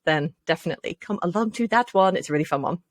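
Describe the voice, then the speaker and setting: A woman's voice: lowish voice, lively intonation, fast, dry recording. A woman with a Mancunian accent co-hosting a casual podcast chat, chatty, enthusiastic and jokey. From Manchester. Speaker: podcast co-host and author.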